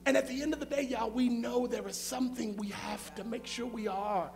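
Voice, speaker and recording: High-voiced pastor preaching. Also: male voice, steady tone, fairly quick, a little mellow, faint music behind. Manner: rhythmic, repetitive preaching with call and response. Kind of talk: sermon. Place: church.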